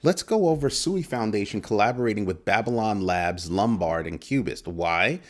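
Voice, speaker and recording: A man's voice: on the low side, expressive, normal speed. A man hosting a casual crypto livestream, greeting viewers in chat by name and teasing them playfully. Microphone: desk microphone.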